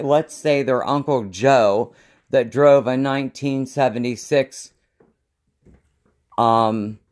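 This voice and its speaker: A man's voice: mid-range voice, a little mellow. A man who works as a psychic medium, talking to camera in a rambling, casual vlog and often losing his train of thought.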